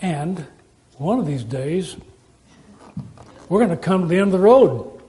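A male pastor delivers a sermon in a high, warm voice. He talks in a relaxed, conversational way, leaning on rhetorical questions and homespun stories to reach his listeners. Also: measured pace, low-quality recording.

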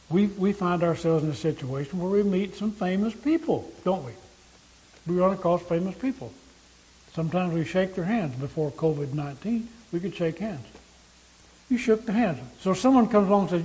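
A man with a high-pitched voice preaches a sermon. He talks straight to his listeners and casts them as characters in the scene. He keeps asking them rhetorical questions. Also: expressive, a little slow, pauses often, warm tone, rough recording. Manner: asks many rhetorical questions.

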